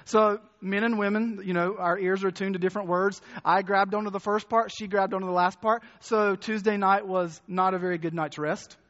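A man's voice: sits high, fairly even intonation, a little fast, few pauses, fairly bright tone. A man preaching a sermon to a congregation, conversational, restarting and repeating words as he asks them questions. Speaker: pastor. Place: church hall with congregation. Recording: muffled, echoey church hall.

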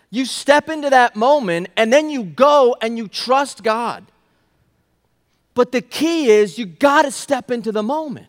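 A young male pastor with a high voice preaches to his church, telling the story in a lively way. He goes from loud and urgent to soft and hushed. His voice rings with the long reverb of a large sanctuary. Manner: animated, swings from loud and urgent to hushed and quiet. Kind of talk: sermon storytelling.

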